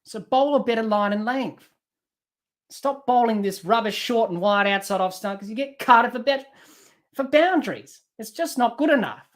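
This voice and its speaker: Commentating live on cricket for his watch-along podcast, a man talks at normal speed in an extremely high, expressive, slightly bright voice. His exasperation shows as he calls the play and tells off the team's players and selectors directly.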